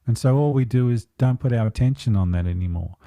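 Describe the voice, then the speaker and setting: A man's voice: medium pitch, fast, mellow, no room sound. A man speaking as an empowerment coach in a podcast interview, earnest and reflective, taking his time over his thoughts.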